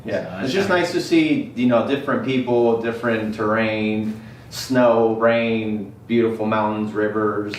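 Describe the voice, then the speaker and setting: A relaxed man, a service technician, speaks in a casual interview, his sentences easing off at the ends. He sits back from the mic in a roomy, echoing space with a faint hiss behind him. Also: on the low side, a little slow, far from the mic. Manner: relaxed, easygoing, trailing off. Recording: echoey room, off-mic, faint noise.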